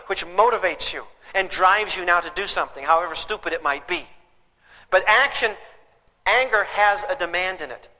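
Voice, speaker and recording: High, bright-voiced man lecturing a class. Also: big-room sound, poor audio. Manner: emphatic, asks the audience questions. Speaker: parenting teacher.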